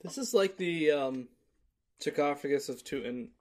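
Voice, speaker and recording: A man's voice: a little high, moderate pace, darkish tone. A man co-hosting a casual podcast, chipping in with skeptical, jokey remarks. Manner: skeptical, jokey interjections with mock quotes. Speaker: podcast co-host.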